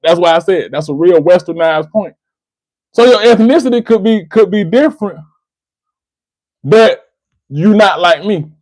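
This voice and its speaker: High-voiced man lecturing a caller. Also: measured pace, long pauses, darkish tone, no room sound, poor audio. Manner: lecturing, repeats the caller's name; restarts and repeats words. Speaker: host of a call-in debate stream. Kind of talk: argumentative call-in discussion.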